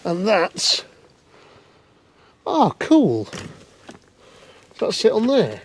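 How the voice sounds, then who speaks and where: A man's voice: high voice, wildly swooping pitch, very slow, slight background noise. A man giving chatty, wry running commentary to camera as he looks over an old car in a cold scrapyard. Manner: chatty, wry, muttering to himself. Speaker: vlog host.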